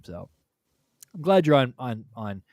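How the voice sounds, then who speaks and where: A man's voice: medium pitch, big pitch swings, unhurried, a little mellow, no room sound, studio quality. A man hosting a casual sports talk livestream, rambling and swearing, often ranting heatedly. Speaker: host.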